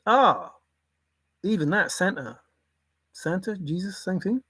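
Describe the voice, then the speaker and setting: Older host with a lively, swooping voice. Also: mid-range voice, normal speed, breathy edge, no echo. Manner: rambling, irreverent, swears casually. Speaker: livestream host reading chat. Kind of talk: casual rambling livestream chat.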